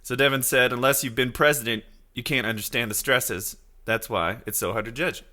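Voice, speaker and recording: A man in his thirties hosting a casual solo podcast, rambling loosely and reacting to his chat, now and then slipping into high silly voices to quote people. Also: a little fast, pushed and bright. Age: 30s. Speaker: podcast host.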